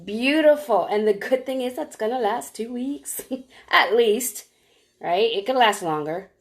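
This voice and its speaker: A woman's voice: fairly high pitch, expressive, unhurried. A woman selling nail polish strips, walking viewers step by step through applying them on a live stream and greeting them by name as she goes. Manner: chatty, walks viewers through each step. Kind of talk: live-stream product demo.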